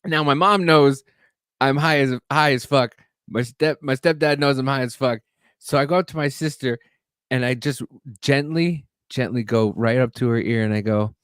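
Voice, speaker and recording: A man's voice: mid-range voice, normal speed, fairly bright tone, clear, resonant tone, dry recording. A man with a middle-range voice tells a rambling, profane story on a podcast. He jumps between self-mockery and exaggerated retellings. The sound is close and dry, with no room around it. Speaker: podcast co-host. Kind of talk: casual storytelling chat.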